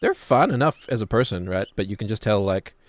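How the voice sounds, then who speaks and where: A man with a New Zealand accent chats loosely while streaming and keeps tossing in jokes at his own expense. His voice sits a little low, and the recording is dry and close, with no room sound behind it. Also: expressive, fairly quick, no echo. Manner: rambling, joking, self-deprecating. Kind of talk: casual chat while gaming.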